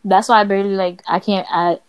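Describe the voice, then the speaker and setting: A woman co-hosting a podcast, telling stories in a blunt, profane, animated way. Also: medium pitch, fast talker, smooth, dry recording, lo-fi sound. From Latina. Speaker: podcast co-host. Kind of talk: casual chat.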